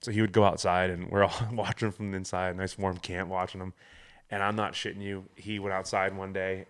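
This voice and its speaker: A man with a low voice tells a story in loose, casual conversation. He laughs easily and acts out the sounds and moments he describes. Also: level tone, a little fast. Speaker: podcast host. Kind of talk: casual chat.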